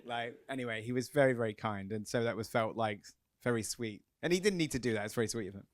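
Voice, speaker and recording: An English man, a film director, telling lively anecdotes at a cinema Q&A, quick and laughing. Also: medium pitch, dry recording. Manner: quick, chatty, laughing storyteller. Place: cinema Q&A on stage.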